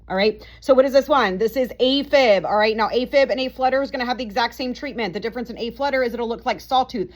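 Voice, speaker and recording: A woman teaching nursing students, telling a playful story quickly and stopping to check in with "okay?" after almost every point. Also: on the high side. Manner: fast, chatty, playful, keeps checking with "okay?". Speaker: nursing tutor.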